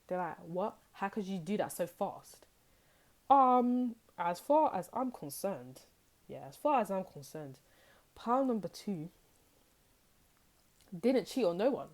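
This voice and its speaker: A woman with a British accent gives a casual tarot reading straight to her viewers. Her voice sits low and sounds mellow. She chats freely and slips into playful voices when she quotes other people. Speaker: tarot reader.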